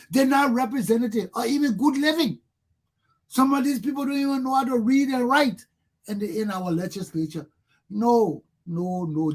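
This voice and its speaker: Impassioned Liberian man, husky and high. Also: a little mellow. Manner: fervent, repetitive rhetorical questions. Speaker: talk show host. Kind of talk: impassioned monologue.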